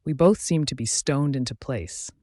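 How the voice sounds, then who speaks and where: A man reading a romance novel aloud in a steady, even first-person narration. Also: medium pitch, moderate pace, no echo, clean studio sound. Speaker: audiobook narrator.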